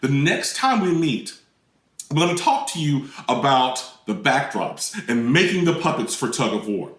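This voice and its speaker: A man teaching puppet voice warm-ups in an animated, demonstrative way, his pitch swinging widely. His tone is bright, and he sounds a bit far from the mic in a roomy space. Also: normal speed. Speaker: library puppetry presenter. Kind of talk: children's lesson on voice warm-ups.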